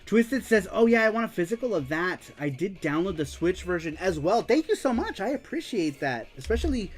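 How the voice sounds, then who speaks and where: A man hosting a casual livestream show, excitedly reading viewer comments aloud and laughing often. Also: sits high, fairly quick, soft background music. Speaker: show host.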